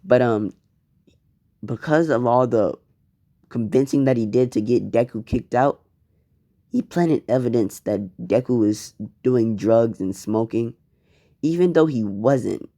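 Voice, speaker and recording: A man's voice: medium pitch, unhurried, mellow. A man narrating improvised fan fiction in a casual, rambling, profane way. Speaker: fan storyteller.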